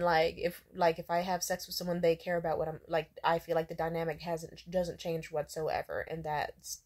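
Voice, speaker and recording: A woman's voice: sits low, darkish tone. A young woman vents about a bad date in a loose, casual rant. She is blunt and indignant, swears freely and fills her talk with fillers. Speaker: vlogger.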